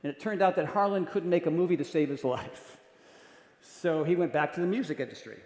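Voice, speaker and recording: Animated man telling stories in an echoey hall. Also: fairly high pitch, fairly quick. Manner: animated, jokey, acts out voices. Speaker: keynote speaker. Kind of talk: storytelling talk to an audience. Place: large conference hall. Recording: echoey hall with long reverb.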